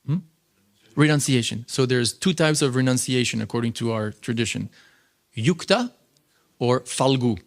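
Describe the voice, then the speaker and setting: A man teaching a scripture class in a temple, lecturing in an animated, conversational way with frequent fillers. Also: mid-range voice.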